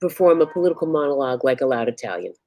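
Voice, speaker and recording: A woman's voice: extremely low pitch, very animated, racing, darkish tone, dry recording. A woman co-host and performer chatting casually and bubbly on a livestream video call.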